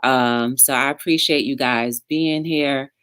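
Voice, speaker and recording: A woman hosting a casual online interview show, speaking in an encouraging, unhurried way with plenty of "um"s. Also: extremely low pitch, fairly even intonation, a bit bright, smooth, dry recording, studio quality. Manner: encouraging, filler-heavy, drawn-out phrasing. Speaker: talk show host.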